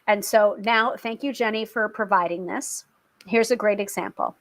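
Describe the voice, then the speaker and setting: A woman's voice: mid-range voice, normal speed, fairly bright tone, low-quality recording. A young woman hosting a tarot live stream, talking in a chatty, casual way with frequent laughs and fillers. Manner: chatty, laughs often, many fillers and restarts.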